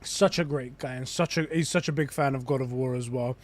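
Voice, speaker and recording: A man's voice: medium pitch, fairly quick. A young adult man chatting casually on a live stream, theorizing in a rambling way with lots of restarts. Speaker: gaming streamer.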